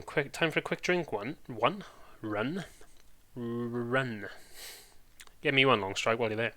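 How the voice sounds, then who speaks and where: A man's voice: mid-range voice, unhurried, sharp tone. Chatty Welsh man streaming. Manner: chatty, rambling, British slang. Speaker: live streamer. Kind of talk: casual live-stream chat.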